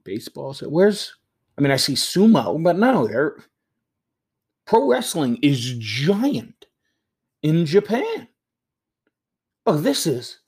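A man hosting a show, casually talking himself through a game, swinging between loud outbursts and quiet muttering. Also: a little high, sing-song, measured pace, long pauses, husky. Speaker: podcast host. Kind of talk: casual live commentary while playing a game.

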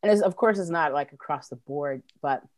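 A woman in a punk band chatting casually in an interview, loose and profane, full of fillers and quick laughs. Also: deep voice, a little mellow, dry recording.

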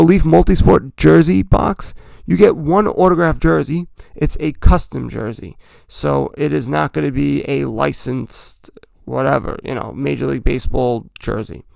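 A man hosts his podcast in a loose, rambling way, often stopping to correct himself. His voice is gravelly and sits a little high for a man. The sound is dry and close, with almost no room around it. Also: no room sound. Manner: rambling, chatty, self-correcting. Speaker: podcast host. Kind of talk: casual hobby talk.

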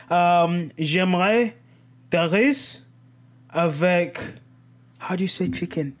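Young male podcast host, high-pitched and excitable, self-mocking, fumbles basic French. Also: slow, long pauses. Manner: animated, self-mocking, laughs often; stumbles through broken French phrases. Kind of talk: casual solo podcast chat.

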